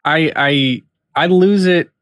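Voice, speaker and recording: A man's voice: fairly high pitch, takes it slowly, dry recording, clean studio sound. A man from North Carolina hosting a casual podcast, joking and restarting his sentences. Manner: animated, joking, many restarts. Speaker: host.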